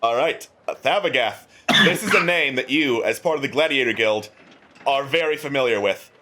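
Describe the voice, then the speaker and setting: A man's voice: medium pitch, moderate pace, pushed and bright, slight background noise. A man narrating a tabletop game as game master, chatty and full of fillers.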